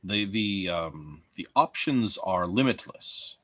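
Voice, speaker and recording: A man hosting a rambling solo podcast, swearing and joking as he thinks aloud. His pitch swings widely, from bursts to mutters, and the sound is close and dry with no room around it. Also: animated, takes it slowly, a bit bright, no echo. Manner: profane, rambling, jokey. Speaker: podcast host. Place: home.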